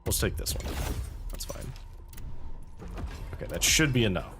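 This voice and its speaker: A man with a deep, low voice talks through a video game playthrough in a relaxed, casual way. He thinks aloud over his options and drops dry, wry asides. Faint game music plays behind him. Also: a little slow. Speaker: let's-play host. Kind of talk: casual gameplay commentary.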